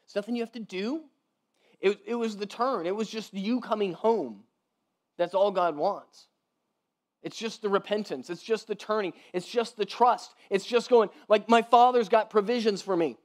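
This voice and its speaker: A man preaching a sermon in a loose, conversational way, often asking "right?" and softening his voice when he voices the father. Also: high voice, normal speed. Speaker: pastor.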